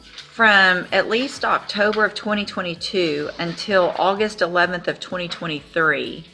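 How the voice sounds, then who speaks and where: A woman judge presiding in a courtroom, asking brisk, matter-of-fact questions. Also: on the low side, bright, forceful tone, faint music behind. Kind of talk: courtroom proceedings.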